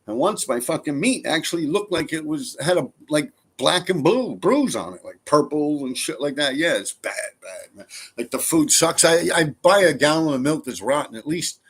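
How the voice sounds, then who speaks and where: New streamer, male, higher-pitched, loose profane chat with viewers. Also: sing-song, normal speed, husky. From New York. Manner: rambling, profane, laid-back. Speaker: streamer reading viewer comments. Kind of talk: casual live-stream chat.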